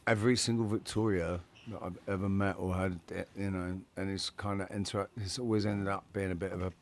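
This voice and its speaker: A man hosts a casual live-stream chat, blunt and swearing, often restarting and repeating words as he searches for them. His low voice has little pitch movement and runs a little fast, with slight hiss or hum in the recording.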